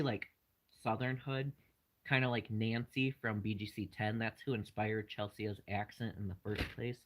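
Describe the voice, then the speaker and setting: A man's voice: mid-range voice, normal speed, fairly bright tone, rough recording. A man hosting his channel, casually answering live chat questions in a rambling way with lots of fillers.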